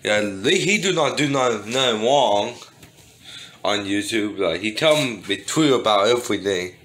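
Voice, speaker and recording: A man's voice: fairly low pitch, expressive, moderate pace, a bit bright. A man giving casual, rambling commentary with broken grammar. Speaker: YouTube commentator.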